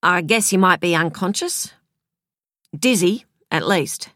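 A woman reading an audiobook, voicing a male crime scene technician who talks in a plain, measured, factual way. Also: high voice, bright, forceful tone, no room sound, studio quality, exaggerated voice. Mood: unsure. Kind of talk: audiobook character voice.

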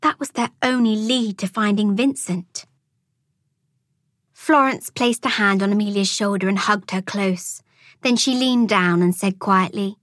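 A woman reading a children's storybook aloud as an audiobook narrator, with expressive storytelling. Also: medium pitch, a little slow, no room sound, studio quality. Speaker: audiobook reader.

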